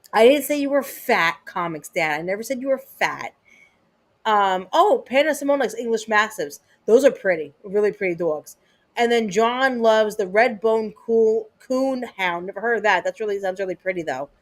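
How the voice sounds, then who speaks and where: A woman livestream host in her thirties chatting loosely with her viewers. She rambles, swears freely and trips over her words, full of "um"s and restarts, in a voice of middling pitch. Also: animated, moderate pace. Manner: rambling, profane, many fillers and restarts. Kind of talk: casual chat with viewers.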